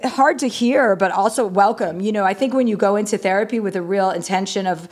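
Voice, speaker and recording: A woman's voice: medium pitch, brisk, darkish tone, breathy edge. A woman comedian, a guest in a casual interview, telling candid stories, acting out quoted conversations and using many fillers like "you know".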